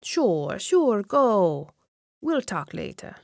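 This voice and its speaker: A woman's voice: mid-range voice, big pitch swings, drawn-out words, gravelly, dry recording, clean studio sound, voice pushed up, heavily acted. A woman voicing a chatty, doting older woman in an audiobook, gushing and lilting as she talks.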